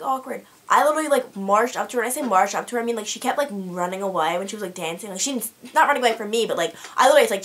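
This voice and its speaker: A teenage beauty vlogger chats casually to the camera in a slightly high, fairly bright voice. She rambles, restarting sentences and filling gaps with lots of fillers.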